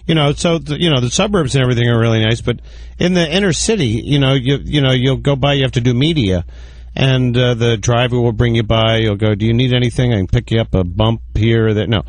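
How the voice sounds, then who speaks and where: A man's voice: medium pitch, fast talker, dry recording. A man chatting on a radio show, telling stories and acting out the people he meets. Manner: chatty storyteller, acts out people he quotes. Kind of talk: casual radio talk.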